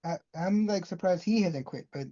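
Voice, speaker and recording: Mellow laid-back podcast co-host. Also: mid-range voice, moderate pace, muffled recording. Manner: laid-back, laughs easily, short remarks. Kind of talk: casual wrestling chat.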